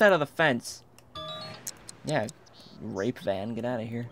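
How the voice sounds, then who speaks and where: A young gaming commentator with a medium-pitched voice and a measured pace goofs around in a casual let's play. He rambles freely and keeps breaking into silly voices.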